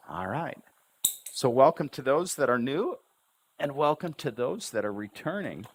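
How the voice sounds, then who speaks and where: A man's voice: medium pitch, sing-song, moderate pace. A man teaching English on a livestream, stressing each syllable and drawing out his intonation. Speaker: English tutor. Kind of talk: livestream language lesson.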